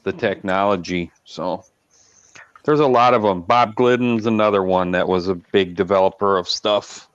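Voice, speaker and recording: A man's voice: sits low, fairly even intonation, normal speed, smooth, no room sound, highs cut off. A man in casual, matter-of-fact chat. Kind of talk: casual chat on a live stream.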